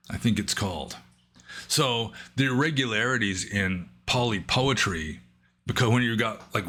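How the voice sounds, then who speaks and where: Low-voiced man rambling through an explanation. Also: a bit bright. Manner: rambling, thinking aloud with many fillers; careful, slow reading of Pali verse. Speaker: monk answering questions. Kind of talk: casual explanatory talk.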